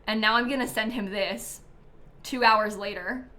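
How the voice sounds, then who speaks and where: A woman's voice: fairly high pitch, a little slow, bright, forceful tone. A woman hosting a casual live stream, chatty and giggly, full of ums and likes as she thanks viewers by name. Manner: reads out viewer names and thanks. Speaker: livestream host.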